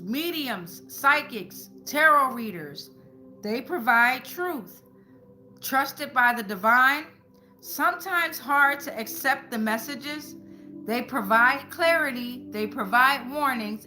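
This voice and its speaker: A woman's voice: high-pitched, bright, forceful tone. A woman giving a live-streamed tarot reading, talking casually and with slang and swearing to her viewers in chat. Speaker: tarot reader. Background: faint background music.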